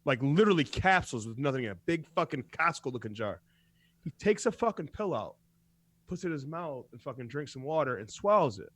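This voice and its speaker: A man's voice: medium pitch, fairly quick. A man co-hosting a radio talk show, telling stories in profane casual chat and laughing often. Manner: animated storytelling, laughs often. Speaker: co-host.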